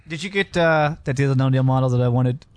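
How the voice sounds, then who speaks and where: A man's voice: mid-range voice, brisk, clean tone, dry recording. A man hosting a radio show, joking and laughing in casual banter with his co-hosts. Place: radio studio. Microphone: studio mic.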